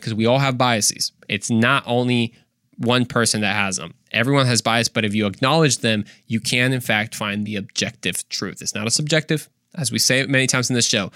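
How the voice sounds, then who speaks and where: A man's voice: medium pitch, a bit bright, dry recording, clean studio sound. A young adult man hosting a faith podcast, earnest and casual, firing off rhetorical questions and slang. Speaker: podcast host.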